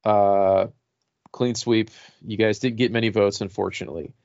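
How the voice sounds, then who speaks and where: A man hosting a comedy podcast, talking loosely and laughing a lot. His voice sits a little low, and the sound is dry and slightly dull. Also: fairly even intonation, moderate pace, darkish tone, no room sound. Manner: laughs often, loose and profane. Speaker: podcast host. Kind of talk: casual comedic chat.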